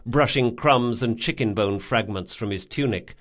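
A man's voice: medium pitch, a little slow, hardly any pauses, a bit bright. A man narrating a novel as an audiobook reader, with scripted, storytelling delivery.

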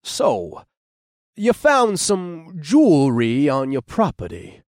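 A man's voice: fairly high pitch, very animated, takes it slowly, a little mellow, no echo, studio quality, pitched above the performer's own voice, heavily acted. A man doing a buttoned-up lawyer. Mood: skeptical. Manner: crisp, skeptical questioning. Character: well-groomed formal male accountant-lawyer.

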